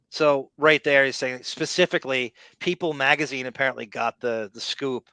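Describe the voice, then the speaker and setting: A man's voice: medium pitch, moderate pace, pushed and bright, clear, resonant tone, no echo. A man hosting a podcast, giving rambling, opinionated commentary in casual, profane talk. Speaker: podcast host. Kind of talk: casual commentary over played audio.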